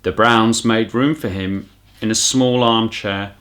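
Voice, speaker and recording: A man, a primary school teacher, reading a children's storybook aloud with animated storytelling. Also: fairly low pitch, slow pace.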